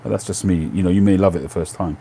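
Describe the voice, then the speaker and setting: A middle-aged man with a London Cockney accent, hosting a livestream and casually answering viewer questions in a relaxed, rambling way with lots of ums and self-corrections. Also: deep voice, quick pace, gravelly, slight background noise. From England. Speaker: livestream host.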